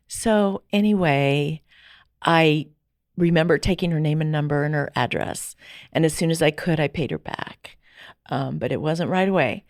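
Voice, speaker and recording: A middle-aged woman telling her personal story as a podcast guest, lively and acting out the dialogue she remembers. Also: sits low, moderate pace, dry recording, clean studio sound. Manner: animated, acts out quoted dialogue.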